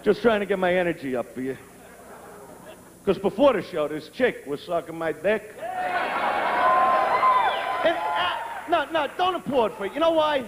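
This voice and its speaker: A man doing a profane live stand-up routine, brash and crude, breaking into shouts. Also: high voice, sing-song, moderate pace, long pauses, noisy background. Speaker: stand-up comedian. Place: stage before a live audience. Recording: reverberant live venue with crowd.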